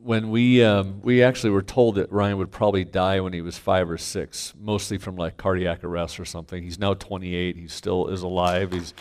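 A middle-aged man, a pastor, telling a candid family story to a congregation, self-mocking and swinging from quiet asides to loud punchlines. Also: deep voice, little pitch movement, moderate pace, hardly any pauses, smooth. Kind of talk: storytelling sermon.

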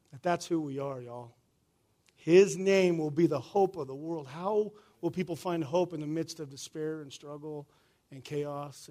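A man's voice: a little high, a little mellow. A male pastor, preaching a sermon in a conversational way, often asking "right?" and calling the room "y'all".

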